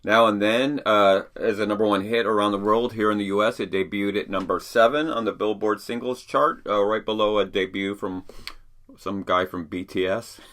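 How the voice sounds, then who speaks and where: A man's voice: on the low side, fairly even intonation, moderate pace, fairly bright tone. A middle-aged man hosting a show from his attic, telling stories in a chatty, rambling way with fillers and restarts. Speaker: podcast host. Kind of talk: casual storytelling. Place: home attic.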